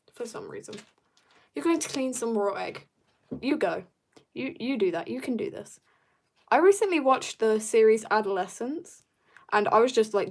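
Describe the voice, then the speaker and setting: A woman's voice: medium pitch, vocal fry. A young woman chatting casually while drawing on a livestream, bubbly and joking as she reads viewer comments. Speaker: art livestreamer.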